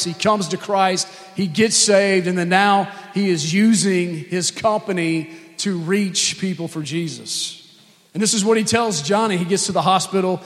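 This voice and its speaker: Earnest preacher in a reverberant hall. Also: male voice, high voice. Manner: earnest storytelling, acting out quoted dialogue. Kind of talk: sermon storytelling.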